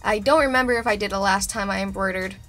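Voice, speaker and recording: A woman vlogging casually about a craft project, playful and excitable, joking to the camera. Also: mid-range voice, fast, faint music behind.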